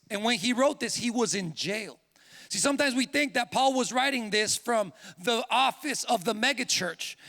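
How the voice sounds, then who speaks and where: Young male pastor, high bright voice, animated storytelling sermon, long hall reverb. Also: gravelly. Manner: animated storyteller, builds to emphatic preaching.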